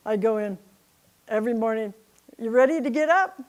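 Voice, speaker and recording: A woman's voice: a little high, unhurried, long pauses, darkish tone, slight background noise. A middle-aged woman speaking to a church congregation, telling personal stories in a chatty way and laughing often. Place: church service.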